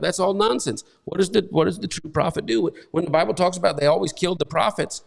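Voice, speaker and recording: A man preaching a sermon in a rather high, gravelly voice. He keeps asking rhetorical questions and drives each point home with emphasis, in a loose, conversational tone. His voice rings out with a long hall reverb. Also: quick pace, few pauses. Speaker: pastor.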